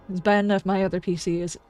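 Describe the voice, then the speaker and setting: A woman's voice: mid-range voice, level tone, fairly quick, darkish tone, soft background music. Exasperated woman ranting on stream. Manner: exasperated ranting with sarcastic asides. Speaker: game streamer. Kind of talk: casual livestream chat.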